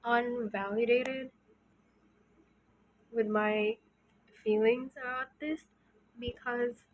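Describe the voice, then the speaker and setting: Slow, soft-spoken young woman. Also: fairly high pitch, steady tone, dull audio, slight background noise. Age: early 20s. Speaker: channel host. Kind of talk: casual confessional talk.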